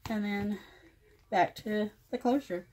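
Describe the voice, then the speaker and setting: A woman hosting her own craft channel, showing a finished project page by page in plain, unhurried commentary made of short phrases. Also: mid-range voice, darkish tone. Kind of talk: casual show-and-tell walkthrough.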